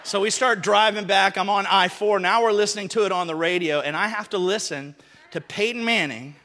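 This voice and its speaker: Bright high-voiced male pastor preaching. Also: a little fast. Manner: chatty storytelling that builds to emphatic preaching. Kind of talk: sermon opening with a personal story. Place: church sanctuary. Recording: long hall reverb.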